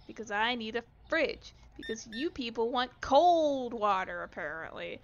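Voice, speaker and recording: A woman's voice: a little high, lively intonation, moderate pace, hardly any pauses, highs cut off, a little hiss or hum. A young woman giving casual gameplay commentary, sarcastic and exasperated, griping at customers and dropping into mutters. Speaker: gaming YouTuber.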